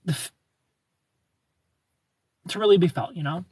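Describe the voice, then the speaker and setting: A man's voice: high voice, measured pace, husky. A young man hosting a livestream, chatting casually and rambling animatedly while he reads viewer comments. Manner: animated, rambling with repeated phrases and laughs. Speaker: livestream host.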